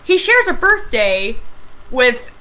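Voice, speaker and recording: A woman's voice: sits high, big pitch swings, takes it slowly, sharp tone. A young woman from Maine chatting casually and swearing freely while streaming a game. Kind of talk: casual chat while gaming. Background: game music.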